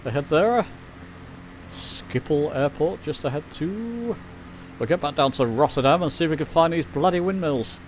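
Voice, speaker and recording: Male streamer, slightly high voice, casual rambling commentary, faint background hiss. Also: animated, normal speed. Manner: chatty, rambling, reads chat aloud. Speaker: flight sim streamer.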